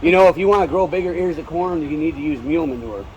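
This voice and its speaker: A man's voice: fairly high pitch, fast talker, a little mellow, muffled recording, a little hiss or hum. A man telling old corny jokes in a folksy way at an outdoor festival, chuckling at his own punchlines. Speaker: folk musician and storyteller. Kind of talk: joke telling and singing with guitar at a fair. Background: guitar playing.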